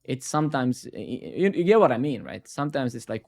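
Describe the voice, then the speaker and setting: A man's voice: mid-range voice, animated, brisk, vocal fry, darkish tone. A man hosting a live coding stream, talking casually in a rambling, sarcastic and profane way with lots of self-mockery.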